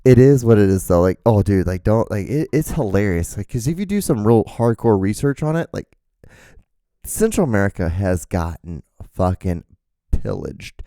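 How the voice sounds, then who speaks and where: A man's voice: lowish voice, sing-song, normal speed, dark tone, no echo. A young man hosting a solo podcast, rambling in a profane, mock-outraged way. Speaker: podcast host.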